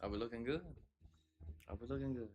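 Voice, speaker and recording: A man's voice: medium pitch, fairly even intonation, fast talker, darkish tone. A man hosting a casual livestream chat, greeting viewers by name in slangy, laid-back banter and laughing often. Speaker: livestream host.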